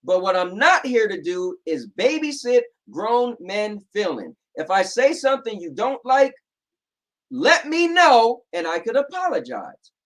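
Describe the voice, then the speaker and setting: A man with a New Jersey accent talks straight at the camera from his home. His voice sits high for a man, and he speaks bluntly and sarcastically in casual chat. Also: very animated, a little slow, a bit bright, rough recording. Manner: blunt, sarcastic, repeats "right?". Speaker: show host.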